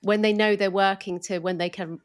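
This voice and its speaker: A woman's voice: mid-range voice, fairly even intonation, a little fast, smooth. Chatty female podcast co-host. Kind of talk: casual chat.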